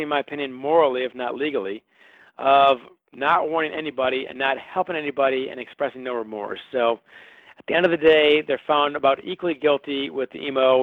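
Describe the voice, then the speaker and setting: A male author, appearing as an interview guest, answers questions by telling history in a wry, storytelling manner. His voice is mid-range, with no room sound, over a phone-like line.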